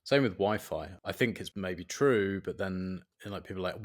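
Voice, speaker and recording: A man co-hosts a podcast in loose, crude banter, reading out listener messages between jokes. His voice sits very low and turns gravelly. It swings widely in pitch as he talks. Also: expressive, normal speed. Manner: crude, joking, reads listener messages aloud. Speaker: podcast co-host. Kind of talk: casual podcast chat. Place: half in a bathroom, half in a bedroom. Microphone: mic resting on a small outdoor table.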